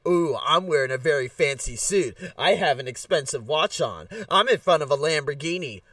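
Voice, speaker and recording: A man voicing a boastful social media show-off who brags in a smug, lowered voice. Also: animated, normal speed, fairly bright tone, dry recording, far from the mic. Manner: smug, bragging.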